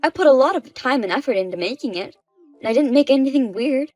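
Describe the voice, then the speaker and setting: A domineering mother-in-law as a woman reads her lectures in a flat, everyday tone. She talks down to everyone. Soft music plays quietly behind the voice. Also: high voice, fast talker, pitched above the performer's own voice. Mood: scolding. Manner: bossy, condescending lecturing. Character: meddling, scolding mother-in-law, older woman.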